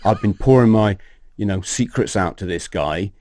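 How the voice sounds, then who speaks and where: A man in his fifties, a podcast guest telling a story in a lively way, acting out what people said and swearing casually. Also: fairly low pitch, moderate pace, no room sound, clean studio sound. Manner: animated, acts out quoted dialogue, swears casually. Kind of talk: storytelling in an interview.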